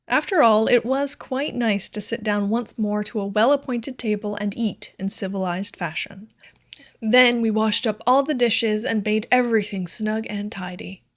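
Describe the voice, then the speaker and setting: A woman narrating a classic short story as an audiobook reader, in a measured, clear storytelling manner. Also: medium pitch. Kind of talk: scripted narration.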